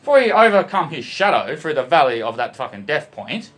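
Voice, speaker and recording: A man's voice: fairly high pitch, very animated, a little fast, a bit bright. An Australian man rambling to camera, swearing constantly and spinning loose wordplay about emotion and love, often calling out to "boys". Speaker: vlogger.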